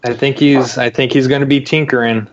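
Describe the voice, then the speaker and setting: A man's voice: mid-range voice, flat delivery, brisk. A man co-hosting a casual sports podcast, hesitant and laid-back. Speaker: podcast co-host. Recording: dull lo-fi sound with faint noise.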